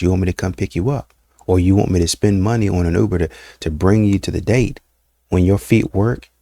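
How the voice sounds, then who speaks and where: A man with a deep, gravelly voice comments on clips in a blunt, scolding way and keeps hammering rhetorical questions. His tone sits on the dark, mellow side, and the recording is close and dry with no room sound. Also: no echo. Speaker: reaction channel host.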